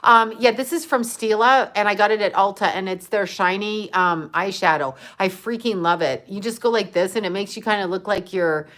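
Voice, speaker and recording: Middle-aged woman hosting a casual phone livestream; chatty, quick to laugh, swears casually. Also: medium pitch, fairly bright tone. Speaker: livestream host. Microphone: handheld phone.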